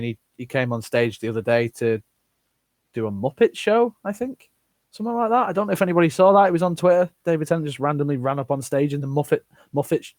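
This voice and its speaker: Reading his viewers' comments aloud, a live-stream host answers them bluntly and swears a lot in casual conversation. His voice is medium in pitch, with no room sound.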